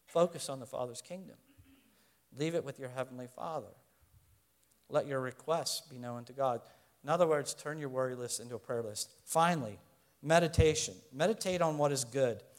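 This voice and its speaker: A man's voice: mid-range voice, normal speed. A middle-aged man preaching a sermon in an earnest, conversational way, asking the congregation questions. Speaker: pastor.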